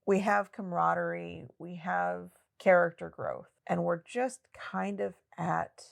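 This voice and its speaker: A woman co-hosting a podcast, chatting about a novel in a relaxed, digressive way and laughing often. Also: lowish voice, a little slow, gravelly. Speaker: podcast co-host. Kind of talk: casual book discussion.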